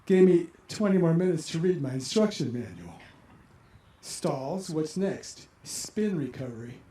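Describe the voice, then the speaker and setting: At an outdoor amphitheater, a man in his sixties tells a personal story live to an audience, animated and emotional as he acts out his own reactions. His voice is on the high side and a little slow, and the space sounds echoey.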